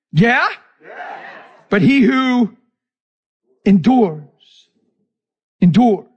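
High-voiced, husky male preacher. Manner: animated, swings from hushed to cries. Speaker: pastor. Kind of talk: emotional sermon storytelling.

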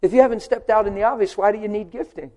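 A man preaching a sermon, asking rhetorical questions and swinging from loud, driving emphasis to hushed storytelling. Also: sits high, rapid-fire. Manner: asks the crowd rhetorical questions.

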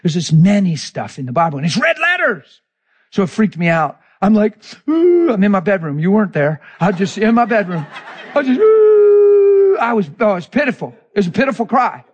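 A man, a pastor, preaching with animated, emotional storytelling that swings between hushed asides and near-cries. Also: high voice, fast, breathy edge.

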